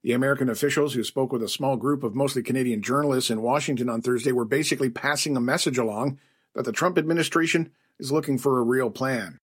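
A man reporting news for radio in a brisk, conversational way. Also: medium pitch, slightly rough.

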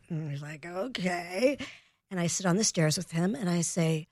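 A woman's voice: on the low side, lively intonation, moderate pace, a little mellow, no room sound, studio quality. A woman, a parenting expert, telling stories on a radio talk show and acting out both sides of each conversation. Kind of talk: storytelling in a radio interview.

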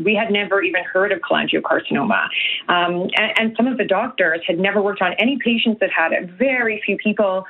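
A woman from Canada speaks as a guest over a tinny phone line. She talks earnestly and often restarts with fillers. Her voice sits at an ordinary middle pitch. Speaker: guest, nutritionist and health coach. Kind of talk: broadcast interview.

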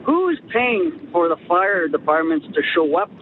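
A man calling in to a radio show by phone, a bylaw officer who talks in a halting, hesitant way. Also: big pitch swings. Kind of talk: phone-in call. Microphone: phone line. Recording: tinny phone line with a faint rumble.

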